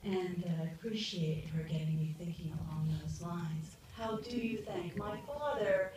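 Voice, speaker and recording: A middle-aged woman giving an earnest, heartfelt speech at an outdoor memorial ceremony, pausing often as she speaks into a podium microphone. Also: on the low side, a crowd in the background. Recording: echoey PA from far off, noisy.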